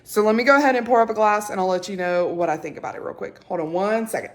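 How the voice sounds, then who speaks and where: A young woman, chatting casually to camera, excitable and full of fillers. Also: mid-range voice, fast. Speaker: vlogger.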